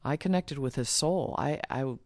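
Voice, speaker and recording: A woman's voice: normal speed, no room sound. Middle-aged woman guest, earnest and chatty, playful quoted asides, dry recording. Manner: warm, earnest, laughs often, acts out quotes in a high voice. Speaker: guest, author and shamanic practitioner. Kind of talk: casual interview talk.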